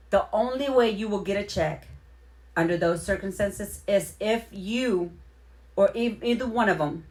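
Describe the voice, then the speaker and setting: A woman hosting a casual live stream, explaining things in a roundabout way and greeting her viewers by name. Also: fairly low pitch. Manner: chatty, greets viewers by name, repeats herself. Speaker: livestream host.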